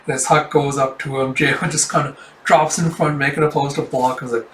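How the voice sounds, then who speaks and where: A man's voice: mid-range voice, flat delivery, fairly quick, fairly bright tone, a little hiss or hum. A man casually reading through a comic, retelling each scene in a chatty way. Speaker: manga reader. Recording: roomy echo, distant mic.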